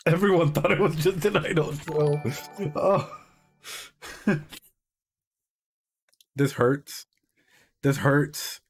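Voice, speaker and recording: A young man gives live, emotional reaction commentary as a psychologist, slow and drawn out in his delivery. His voice sits a little high for a man, and he swears freely and laughs to keep from crying. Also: breathy edge, soft background music. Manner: swears freely, laughs to hold back tears.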